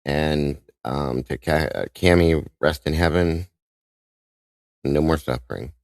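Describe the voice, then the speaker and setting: A man hosting a live stream, speaking in an emotional, halting way with many restarts and greeting viewers by name. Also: extremely low pitch, darkish tone, no echo. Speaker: livestream host.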